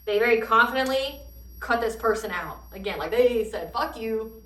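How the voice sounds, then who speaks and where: Bright-voiced woman giving a tarot reading. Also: on the high side, normal speed, reverberant, distant mic, poor audio. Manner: animated, swears freely, laughs often. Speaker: tarot reader.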